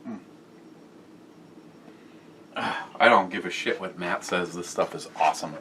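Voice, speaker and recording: A man's voice: deep voice, unhurried, far from the mic, very noisy. A man on a casual beer-review vlog reads out viewer comments with crude, joking humor and a lot of swearing.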